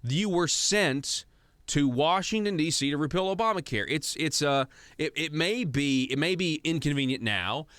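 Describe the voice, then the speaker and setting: A man's voice: fairly high pitch, animated, normal speed, a bit bright, no room sound. A man from Arkansas hosting a political talk radio show, chatty and growing heated and emphatic, in a studio. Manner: conversational, grows heated and emphatic.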